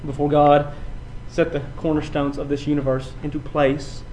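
A man preaching a sermon, building from quiet passages to loud, emphatic runs and often repeating his words. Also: a little high, little pitch movement, normal speed, slight background noise, rough recording. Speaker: pastor.

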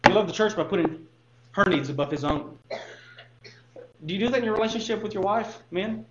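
A man's voice: high voice, animated, a little fast, highs cut off, slight background noise. A man preaching a sermon as pastor, speaking earnestly and putting direct questions to his listeners.

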